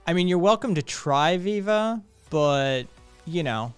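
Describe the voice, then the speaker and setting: Male streamer host, casual sarcastic chat, smooth resonant tone, faint music underneath. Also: fairly high pitch, expressive, unhurried, no echo. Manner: blunt and profane, laughing and sarcastic. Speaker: live streamer hosting a chat show. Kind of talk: casual live-stream chat, reading viewer comments.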